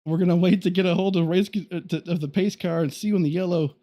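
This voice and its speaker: A man in the booth giving color commentary on sim racing, his voice warm and mellow. He rambles and restarts his sentences as he thinks out loud. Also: high voice, steady tone, fast talker. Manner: rambling, with many restarts and fillers.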